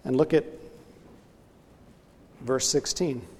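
A man's voice: medium pitch, slow, a little mellow, long reverb tail, a little hiss or hum. A man preaching a sermon, earnestly illustrating his point with a story.

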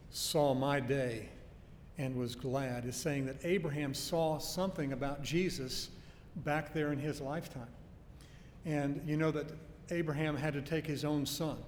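Preaching man with a slightly high voice in a reverberant hall. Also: darkish tone. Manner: earnest teaching with emphatic stresses and homely anecdotes. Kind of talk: expository sermon. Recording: long hall reverb with faint low rumble.

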